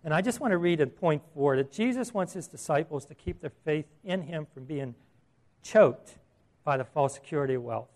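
A middle-aged man preaching a sermon as a pastor, earnest and emphatic, asking his listeners questions. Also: a little high.

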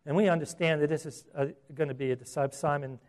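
A male pastor preaching a sermon in an animated, conversational way, with rhetorical questions. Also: fairly high pitch, fast.

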